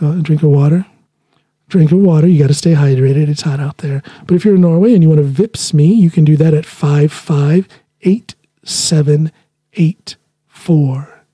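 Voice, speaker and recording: A man hosting his own podcast wanders from point to point in easy, chatty talk. His voice sits a little high yet sounds very dark and mellow, with a husky grain. The sound is close and dry. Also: steady tone, moderate pace, no echo. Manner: rambling, chatty, laughs at himself. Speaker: podcast host. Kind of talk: casual solo podcast monologue. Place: living in Norway.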